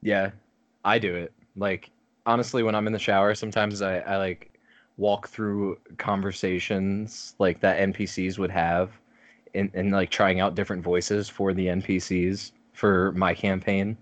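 A man's voice: deep voice, level tone, a little slow, no room sound. A man co-hosting a podcast, chatting casually and teasing his friends with lots of fillers. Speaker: podcast co-host. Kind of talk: casual chat.

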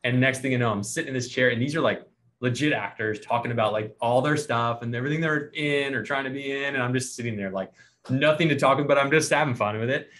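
A man's voice: medium pitch, quick pace, fairly bright tone. A male podcast host spins a story in loose, easy conversation. He jumps into the voices of people he quotes and laughs at his own embarrassment along the way. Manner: laughs often, self-deprecating. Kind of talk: casual storytelling chat.

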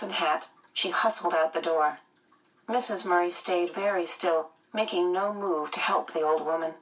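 A woman reads a novel aloud with measured, even storytelling. Her voice sits on the lower side. The microphone is placed slightly away, giving a touch of distance. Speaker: audiobook reader. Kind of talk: scripted narration.

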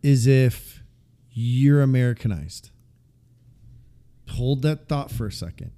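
In a casual podcast chat, a male co-host speaks slowly in a mellow, mid-range voice with lively intonation. He's hesitant, with frequent ums and restarts.

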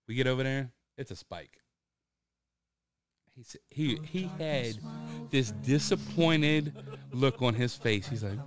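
A man's voice: moderate pace, clear, resonant tone, dry recording, studio quality. A man, telling a hunting story in a casual chat and acting out the people he quotes. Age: 30s. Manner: animated storyteller, acts out quotes with big pitch jumps, laughs often.

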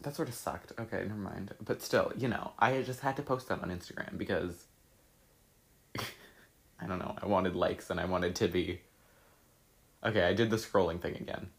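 A man's voice: deep voice, moderate pace, long pauses. A young man chatting casually as he reads out his old social media posts, laughing and swearing at them. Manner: laughing, swearing, excitable reactions. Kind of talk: casual chat.

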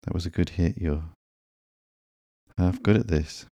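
A man voicing a blunt, teasing female antihero in a slow, sleepy comic reading, in his own low, creaky voice. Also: fairly even intonation, mellow, no room sound, clean studio sound, heavily acted. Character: blunt joking adult woman antihero.

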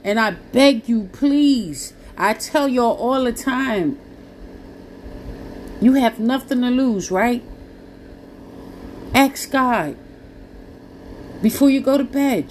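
A woman's voice: a little high, animated, slow, pauses often, a little mellow, slight background noise. A woman with speech, preaching to listeners in an earnest, pleading, blunt way. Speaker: Christian preacher.

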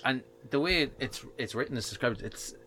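A man co-hosting a podcast, retelling a book in a rambling, hesitant way that trails off softly. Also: mid-range voice, animated, a little fast, slight background noise. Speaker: podcast co-host. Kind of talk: casual chat, retelling a book.

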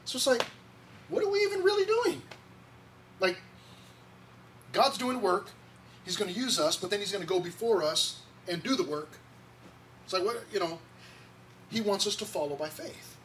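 A man preaching as a pastor in a church, with an excitable, conversational delivery full of restarts and asides. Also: sits high, moderate pace, long pauses. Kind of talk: sermon. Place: church sanctuary. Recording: distant mic, faint background noise.

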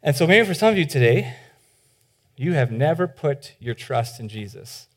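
A man preaching a sermon as pastor, earnest and conversational with many restarts, dropping to a hushed voice for appeals. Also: on the high side, sing-song, normal speed. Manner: drops to a soft, hushed voice for appeals.

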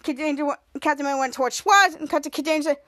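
A woman hosting a podcast, casually recapping a TV episode in a rambling way, often repeating herself and acting out the characters' lines excitedly. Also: high-pitched, brisk. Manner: rambling, repeats "cut to" and "somehow". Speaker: podcast host.

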